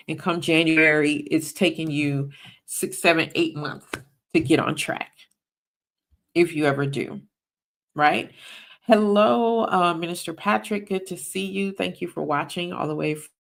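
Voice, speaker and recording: Woman preaching about money on her livestream, low voice with some fry, keeps saying right?. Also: fairly bright tone. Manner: emphatic, repeats "right?" to the audience. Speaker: podcast host and Christian finance teacher. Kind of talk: preaching-style livestream teaching.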